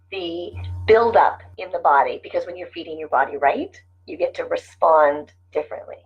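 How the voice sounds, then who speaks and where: A woman's voice: lowish voice, moderate pace, breathy edge. A middle-aged woman giving casual, earnest life-coaching talk to her viewers, often repeating her phrases. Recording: dull lo-fi sound.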